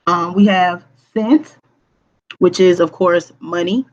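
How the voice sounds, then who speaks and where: A woman's voice: fairly low pitch, slow pace, darkish tone. Woman teacher, recorded online lesson, patient, asks okay often, lo-fi audio. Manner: patient, checks understanding with frequent "okay?"; hums to herself while typing on screen.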